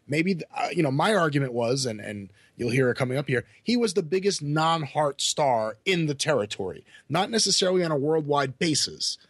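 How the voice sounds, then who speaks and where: A man co-hosting a podcast in casual chat, animated and quick to laugh. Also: a little high, slightly rough, no echo. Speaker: podcast co-host.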